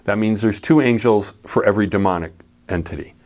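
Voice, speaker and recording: A man's voice: lowish voice, a little fast, a little mellow. A man preaching a casual sermon, reading scripture aloud and explaining it in a plain, conversational way. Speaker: pastor.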